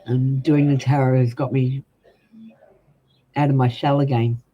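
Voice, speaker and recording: Blunt Australian woman, mellow voice. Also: extremely low pitch, little pitch movement, a little slow, husky, muffled recording. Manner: blunt, chatty, swears freely, announcer-style delivery. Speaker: tarot reader. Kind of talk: casual live-stream chat and card reading.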